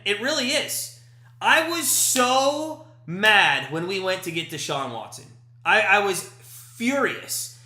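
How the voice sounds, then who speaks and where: A young man hosts a casual live stream, calling the game and chatting loosely with viewers between pitches. His voice sits high and bright. The sound carries a noticeable room echo. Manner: chatty, reads out viewer comments, loose and joking. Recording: echoey room.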